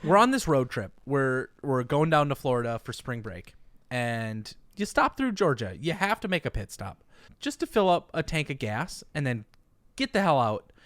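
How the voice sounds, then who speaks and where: A man's voice: mid-range voice, sing-song, normal speed, a bit bright, dry recording. A man co-hosting a casual comedic podcast, telling stories with animation and stammering restarts. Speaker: podcast co-host.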